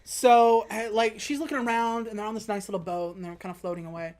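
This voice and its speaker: A woman co-hosting a podcast, casually retelling a movie plot and briefly acting out its characters' lines. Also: mid-range voice. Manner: animated retelling, acting out characters in quick voices. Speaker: podcast co-host recapping a film. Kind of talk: casual chat.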